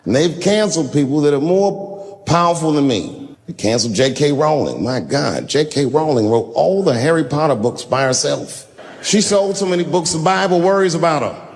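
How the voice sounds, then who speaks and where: Male stand-up comic, live routine, lively, swooping storyteller. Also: moderate pace, in a large hall. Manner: animated storytelling with swings in pitch and volume. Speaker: stand-up comedian.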